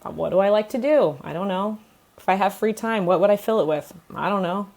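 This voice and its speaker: A woman's voice: medium pitch, expressive, a little fast, gravelly, darkish tone. A woman from New York, a guest on an interview, telling her story openly and emotionally and laughing often as she talks. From New York, USA. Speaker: guest, pelvic floor therapist.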